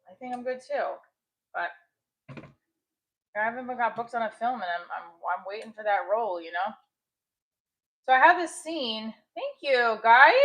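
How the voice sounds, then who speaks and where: A bright, rather high-pitched woman chatting casually to her viewers on a live stream. She thanks people often and drifts from one thing to the next. She talks about her comedy shows and her acting auditions. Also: low-quality recording. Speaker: comedian and actress.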